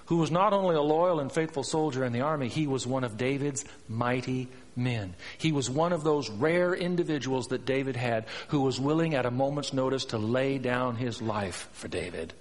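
A man preaching a sermon, storytelling with dramatic swings from hushed to emphatic. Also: mid-range voice. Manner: dramatic, rising and falling in intensity. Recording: long reverb.

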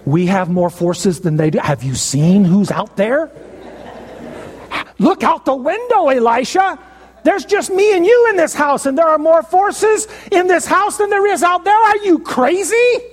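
Man doing a frantic shrill servant. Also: lively intonation, unhurried. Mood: incredulous. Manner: shrill, pleading, rising to a near shout. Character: panicked male servant, frantic and disbelieving.

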